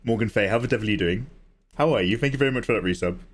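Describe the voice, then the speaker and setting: A man's voice: fairly low pitch, racing. A man chatting and joking casually while he draws on a livestream. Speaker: livestreaming artist. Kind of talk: casual chat while drawing.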